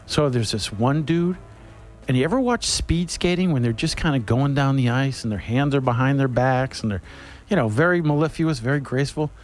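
Soft music sits under a man's medium-pitched, normal-speed voice as he chats on the radio. Animated and laughing, he wanders through a humorous story full of jokes.

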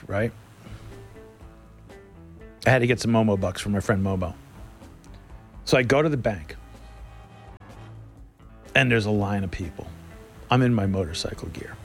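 A middle-aged man hosting a radio show, telling a casual story in a folksy, animated way. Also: medium pitch. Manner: animated, folksy, laughs between lines. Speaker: radio host.

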